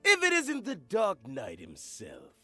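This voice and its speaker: A man's voice: high-pitched, huge pitch swings, slow, pushed and bright, faint music behind, exaggerated voice. An actor voicing a theatrical male supervillain for a voice-over demo reel, gleeful and drawn out. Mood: gloating.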